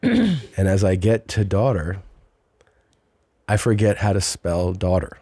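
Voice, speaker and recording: A man's voice: low voice, big pitch swings, takes it slowly, mellow, breathy edge, dry recording. A man hosting a podcast, telling a long story in casual chat and slipping into mocking voices. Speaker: podcast host.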